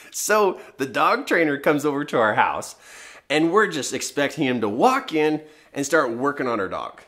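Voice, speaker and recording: A middle-aged man coaches parents in an emphatic, motivational teaching talk. His pitch swings widely from low to high as he presses his points with rhetorical questions. The voice sits at an ordinary middle height. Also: sing-song, unhurried, a bit bright.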